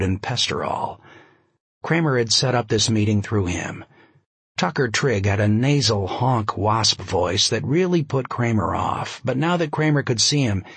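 A man's voice: on the low side, fairly bright tone, breathy edge, dry recording. A man narrating a novel in a dry, wry storytelling manner. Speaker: audiobook narrator. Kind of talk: scripted narration.

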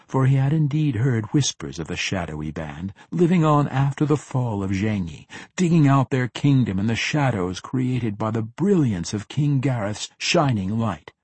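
A man narrating a fantasy audiobook in a steady, dramatic reading. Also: fairly low pitch, slightly rough, no room sound.

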